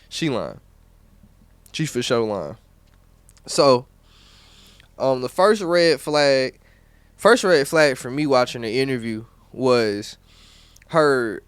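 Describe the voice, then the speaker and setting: A man's voice: mid-range voice, smooth, no room sound. A young man with a North Carolina accent hosting a podcast, talking in blunt, profane, slangy commentary with many restarts. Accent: Southern US, North Carolina. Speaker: podcast host. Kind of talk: casual commentary to camera.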